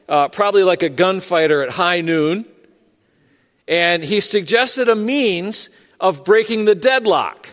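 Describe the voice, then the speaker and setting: A man's voice: on the high side, a bit bright. A man preaching a sermon in a conversational, storytelling manner, in what sounds like a church sanctuary. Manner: conversational and storytelling, with frequent fillers and restarts. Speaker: pastor. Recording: long reverb of a large hall.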